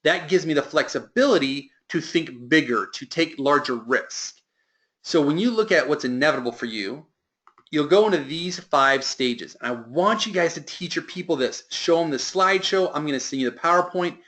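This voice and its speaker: A man's voice: a little high, lively intonation, moderate pace, a bit bright. A man giving a motivational sales training talk to a team, with emphatic delivery that lifts and drops.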